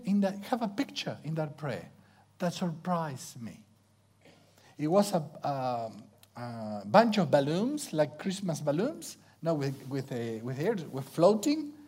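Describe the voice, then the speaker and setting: Animated man preaching with hushed drops. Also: on the high side, breathy edge. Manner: animated, swinging from loud exclamation to hushed near-whisper; acts out sounds with playful onomatopoeia. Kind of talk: sermon.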